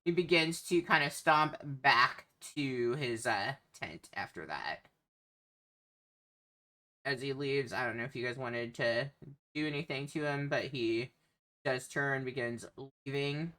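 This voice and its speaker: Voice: medium pitch, measured pace, sharp tone. A game master narrating a tabletop game, hesitant and full of filler sounds.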